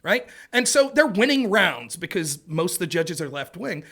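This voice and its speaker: A man talking as a guest in a casual interview, fast and energetic, full of asides. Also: sits high. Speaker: interview guest, debate show host.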